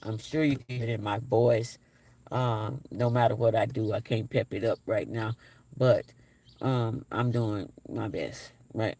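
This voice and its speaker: Gravelly forties guy on a live stream, low energy, reads comments out and repeats himself. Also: a little slow, slight background noise. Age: 40s. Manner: repeats his phrases, talks straight to the chat. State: low energy, flat and tired-sounding. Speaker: livestream host. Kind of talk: casual live-stream chat, reading viewer comments aloud.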